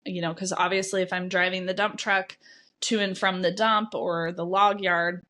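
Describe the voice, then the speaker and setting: A woman's voice: lowish voice, flat delivery, normal speed, pushed and bright, slight background noise. A woman coach hosting her own podcast, talking candidly and bluntly to listeners, swearing freely as she tells her own story. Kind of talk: candid solo podcast monologue.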